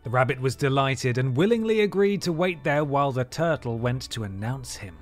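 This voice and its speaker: A man's voice: mid-range voice, lively intonation, fairly quick, faint music behind. Man reading a story with wry asides. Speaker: streamer and co-host. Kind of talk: reading a story aloud on a livestream.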